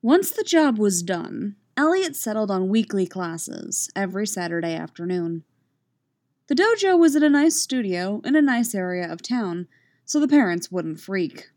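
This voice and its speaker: A woman narrating a novel in a steady, even storytelling voice. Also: medium pitch, measured pace, no room sound. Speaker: audiobook narrator. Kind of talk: scripted narration.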